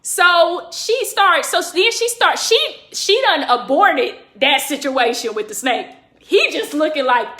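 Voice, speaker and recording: High, bright, animated woman storyteller. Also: measured pace, roomy sound. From California. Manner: animated, profane, acts out quotes with big jumps in pitch. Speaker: comedian telling a story on a livestream. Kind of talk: casual storytelling livestream.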